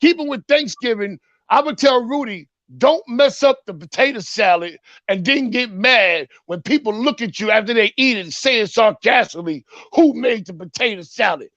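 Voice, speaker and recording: High-voiced man ranting about sports. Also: lively intonation, moderate pace, few pauses, bright, forceful tone, no echo, highs cut off. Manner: mocking, punchy, repeats a catchphrase. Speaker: sports talk segment host. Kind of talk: comedic sports rant.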